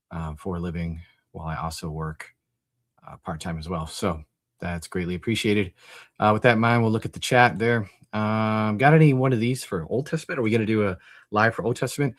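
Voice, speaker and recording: A man's voice: on the low side, no room sound. A man hosting a live call-in stream, reading chat and chatting casually, rambling with lots of fillers. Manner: rambling, thinks aloud with many fillers. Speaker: host of a Christian apologetics call-in stream.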